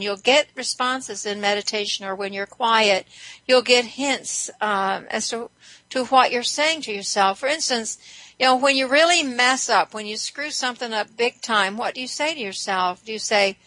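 Bright-voiced middle-aged woman hosting a self-help talk. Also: on the high side, normal speed, dry recording, low-quality recording. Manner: guiding listeners with a stream of questions, gentle and conversational. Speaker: host and hypnotist. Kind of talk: reflective self-help talk show monologue.

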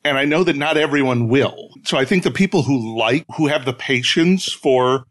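A man with a mid-pitched, ordinary voice talks as a panelist in a casual discussion. He is relaxed, drops jokes, and explains at an easy conversational pace. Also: normal speed. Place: live event with audience.

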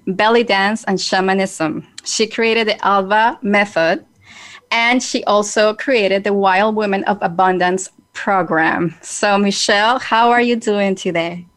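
A woman with a Spanish accent hosting a podcast, talking in an earnest, measured way with hesitant fillers. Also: medium pitch, a bit bright. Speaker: podcast host. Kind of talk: reflective podcast talk.

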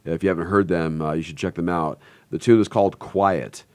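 A man's voice: deep voice, fairly even intonation, fairly quick, a little mellow, clear, resonant tone, no room sound. A man hosting a radio talk show in a studio, telling rambling stories in casual chat before throwing to music. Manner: chatty, rambling storyteller. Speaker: radio host.

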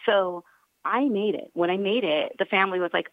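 A woman's voice: fairly low pitch, brisk, dry recording. Bubbly woman guest on tinny phone. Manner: bubbly, rambling with fillers. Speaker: guest musician. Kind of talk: casual interview chat.

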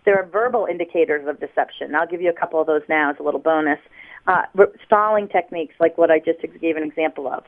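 A woman from the United States teaches listeners in a lively, explaining voice, sitting a little low in pitch. She is heard down a thin, tinny telephone line as a radio guest, often acting out little examples. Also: fast. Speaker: body language expert guest. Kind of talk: radio interview over the phone.

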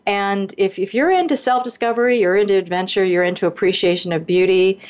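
Animated middle-aged woman telling stories. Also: a little fast, clear, resonant tone. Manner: lively anecdotes, voice leaps high when acting out quotes. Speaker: singer and voice teacher, guest. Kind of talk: animated storytelling in a radio interview. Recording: dull lo-fi radio broadcast.

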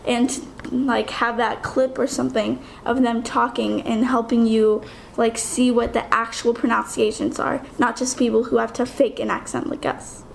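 A young woman with a light Californian accent co-hosts a casual chat show, her voice high and full of vocal fry. She talks chattily and insists on her point. Faint hiss sits under the recording. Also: flat delivery. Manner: chatty, insistent, quick to argue and laugh. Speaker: co-host.

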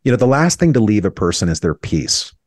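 A man's voice: fairly low pitch, sing-song, fairly quick, dry recording, clean studio sound. A man in his thirties, an interview guest, telling a painful personal story in an earnest, reflective way, his voice sometimes breaking with emotion.

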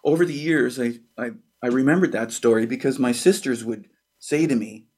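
Animated Canadian man telling a childhood story. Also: mid-range voice, slightly rough. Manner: animated storyteller who acts out quotes and sound effects, with pauses and fillers. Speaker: guest, author and percussionist. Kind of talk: storytelling in a podcast interview.

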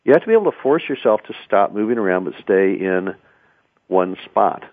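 A man with a low voice talks through public speaking advice in a loose, conversational way, often repeating words as he restarts. The sound is dry and narrow, like a tinny radio broadcast. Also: animated, fairly quick, no echo. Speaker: radio talk show host.

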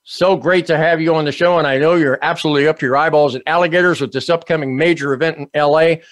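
A man's voice: fairly high pitch, fairly even intonation, quick pace, no room sound. A man hosting a business talk show, reading an upbeat promotional introduction and chatting with his guest. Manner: upbeat, promotional, spells out web addresses. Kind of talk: enthusiastic show host introduction.

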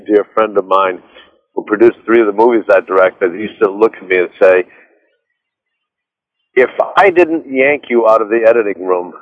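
A man guest on an interview, rambling and animated, with restarts as he tells stories. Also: fairly low pitch, muffled recording. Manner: rambling, animated storyteller with many restarts and laughs. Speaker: author and director, interview guest. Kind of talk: casual interview chat.

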